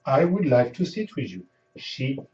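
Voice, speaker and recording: A man teaching a language lesson, patiently explaining and repeating example phrases slowly. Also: mid-range voice, sing-song, a little mellow, a little hiss or hum. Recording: echoey room, dull sound, mic at a distance.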